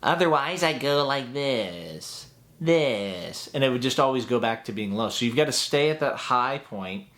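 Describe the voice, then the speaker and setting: A man's voice: mid-range voice, fairly quick, hardly any pauses, a bit bright. A man teaching a voice acting tutorial in an upbeat, chatty way that breaks into laughs at his own asides.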